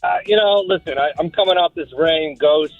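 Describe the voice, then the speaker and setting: A man's voice: a little high, a little fast, soft background music. A man calling into a radio show, easygoing and a little rambling. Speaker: caller. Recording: tinny phone line.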